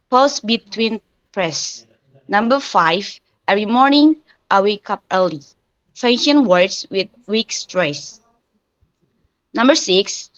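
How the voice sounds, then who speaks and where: A woman's voice: medium pitch, unhurried, no room sound, lo-fi sound. A woman, a student presenter carefully reading numbered example sentences, stumbling now and then.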